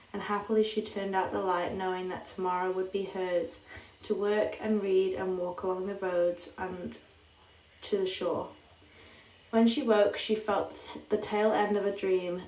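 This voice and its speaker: A woman reading a literary story aloud in a slow, calm, measured way. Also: on the low side, a little hiss or hum. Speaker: audiobook reader. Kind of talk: scripted literary narration. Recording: roomy sound, distant mic.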